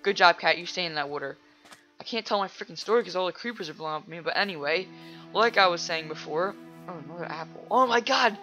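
A man giving casual let's play commentary while he plays, rambling chattily with lots of fillers and breaking into loud excited reactions to the game. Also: a little high, fast talker, lo-fi sound, soft background music. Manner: rambling and chatty, full of "like" and "you know".

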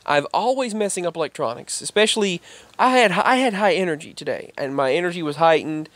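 A man's voice: sits high, animated, a little fast, a bit bright, dry recording. A man telling a rambling personal story in casual vlog style. He repeats himself and raises his voice when he quotes other people. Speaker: vlogger.

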